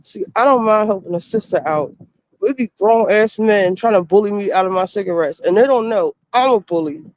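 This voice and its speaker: A woman streamer telling casual stories in a blunt, animated way, acting out the people she quotes. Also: medium pitch, brisk, no room sound. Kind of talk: casual storytelling.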